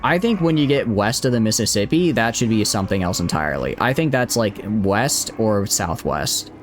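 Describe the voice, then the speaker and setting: A man's voice: fairly low pitch, expressive, moderate pace, faint music behind. A young man with a Southeastern US Southern accent, a streamer chatting casually while playing a strategy game, rambling and correcting himself as he answers chat. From Southeastern United States.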